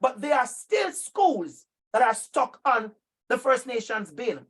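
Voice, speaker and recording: A man presenting an interactive online workshop for educators, emphatic and animated, calling on participants by name over a video call. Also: very high voice, slow pace. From Jamaica.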